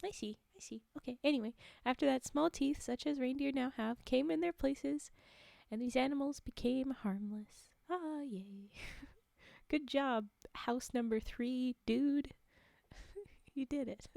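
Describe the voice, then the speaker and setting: High gravelly-voiced giggly woman storyteller. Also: slow, warm tone, no echo, clean studio sound. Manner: giggly, chatty, laughing asides. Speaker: livestream storyteller. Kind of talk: folktale reading with chatty asides.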